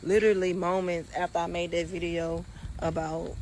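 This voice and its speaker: A woman telling a profane story to her followers, brash and fast, cursing freely. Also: level tone, a little mellow, slight background noise. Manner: brash, cursing, acts out phone call in high voice. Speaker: social media poster in played clips.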